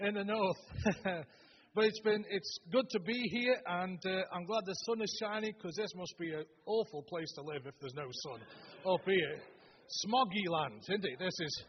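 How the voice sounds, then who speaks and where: A man in his seventies with a Stoke-on-Trent accent, opening a sermon with homely, humorous stories, often halting and restarting. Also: high-pitched, slight background noise. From Stoke-on-Trent, England. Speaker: preacher. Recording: dull, long-reverb hall recording.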